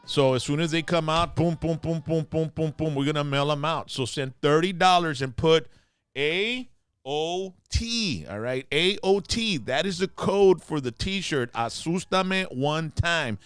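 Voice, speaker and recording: Middle-aged tex-mex guy cohosting, jokey, slips into spanish, a bit high voiced. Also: measured pace, a bit bright, clean tone, dry recording. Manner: switches between English and Spanish, joking. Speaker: co-host. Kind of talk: casual chat.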